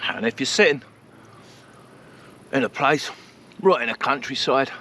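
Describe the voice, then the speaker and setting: Outdoors at a countryside campsite, a male vlogger talks casually to camera with a lot of self-mockery and laughter. He speaks unhurriedly in a bright, medium-pitched voice with a forceful tone, over slight background noise.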